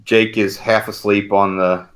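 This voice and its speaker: Male podcast co-host, lower register, relaxed anecdotal delivery. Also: unhurried. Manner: storytelling, animated retelling. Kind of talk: casual chat.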